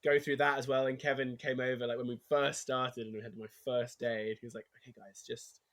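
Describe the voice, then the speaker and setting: An English man speaks casually as a guest in an interview. His voice sits at an ordinary middle pitch. He tells stories with energy and often acts out what people said. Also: fast. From England. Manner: animated storytelling, acts out quotes, laughs easily. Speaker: actor guest.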